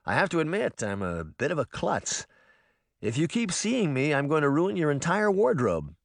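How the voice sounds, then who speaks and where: A charming, flirty uncle jokes in an easygoing, wry voice, as a man puts him on. His pitch moves about freely. The sound is dry. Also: huge pitch swings, moderate pace, gravelly, no echo, exaggerated voice.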